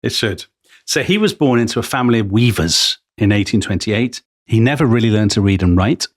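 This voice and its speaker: Man, lowish voice, enthusiastic storyteller, history podcast co-host, dry studio sound. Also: animated, a little fast, dry recording. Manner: storytelling, enthusiastic, full of asides. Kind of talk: casual history podcast chat.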